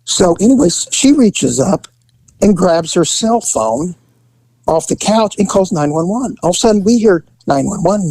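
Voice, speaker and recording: A middle-aged man telling a story in casual chat, acting out voices with big jumps in pitch. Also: very animated, a little slow, a little mellow, no echo, low-quality recording.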